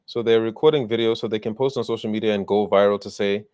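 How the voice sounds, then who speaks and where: A man's voice: on the low side, fairly even intonation, fast talker, darkish tone, clean tone. A South African man with a South African accent giving an indignant video commentary, firing off rhetorical questions.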